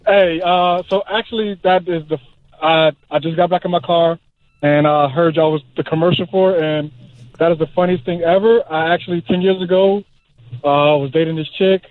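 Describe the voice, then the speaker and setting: A man's voice: fairly high pitch, steady tone, moderate pace, no room sound. Man on a tinny phone line. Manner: laid-back storytelling. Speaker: caller. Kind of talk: casual phone call.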